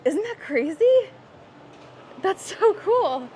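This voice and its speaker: A woman vlogging casually as she walks through a theme park and zoo, chatty and excitable, often gasping and exclaiming. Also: very high-pitched, slow, low-quality recording. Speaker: travel vlogger. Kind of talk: casual vlog walk-through. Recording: outdoor ambient noise.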